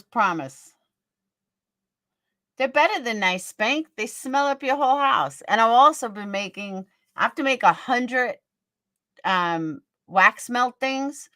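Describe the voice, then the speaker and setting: This woman's mid-range voice is bright and forceful, delivered at a measured pace in a dry, clean studio recording. On her casual livestream she gossips, speaks bluntly with plenty of profanity, and answers viewers' comments by name.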